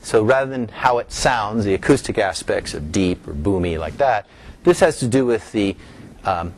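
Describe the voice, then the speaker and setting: A middle-aged lecturer with a lowish voice explains an academic topic step by step, with a little hiss or hum audible. He stresses key terms with a rising voice, and some sentences get restarted.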